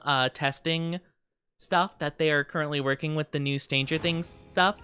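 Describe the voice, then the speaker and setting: A man's voice: on the high side, bright, forceful tone, clear, resonant tone. Playful, sweet-voiced male streamer. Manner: playful, mock-offended teasing; sweet, caring greetings to viewers. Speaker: VTuber streamer. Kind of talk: casual livestream chat.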